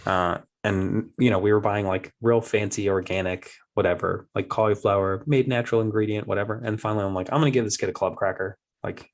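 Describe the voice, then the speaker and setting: A man's voice: lowish voice, brisk, hardly any pauses. A man in his thirties hosting a casual podcast, telling parenting stories and acting out his toddler's voice. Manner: animated storyteller, acts out his toddler's voice. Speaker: podcast host.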